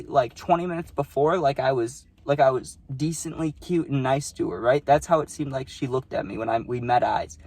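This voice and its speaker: A young man telling a rambling, profane story in a casual vlog, recorded on his phone. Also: fairly high pitch. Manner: rambling, profane, full of "you know what I mean". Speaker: vlogger.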